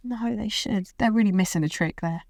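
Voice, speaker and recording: A woman's voice: mid-range voice, fairly quick, a little mellow, no room sound. A British woman hosting a podcast in a studio, chatting casually and rambling with lots of likes. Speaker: podcast host. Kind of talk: casual chat. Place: recording studio.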